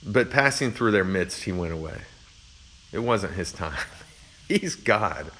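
A man's voice: deep voice, animated, slow, pushed and bright. A man preaching a Bible teaching in a conversational, reflective way, with frequent fillers.

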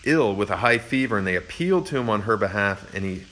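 A man's voice: fairly low pitch, lively intonation, quick pace, fairly bright tone. A man preaching a Bible teaching in a conversational, reflective way, with frequent fillers.

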